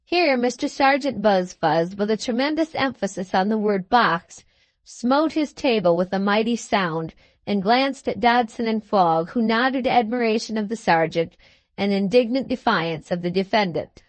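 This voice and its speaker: A woman narrating a classic novel for an audiobook with measured, even storytelling. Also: medium pitch, no echo. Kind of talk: scripted narration.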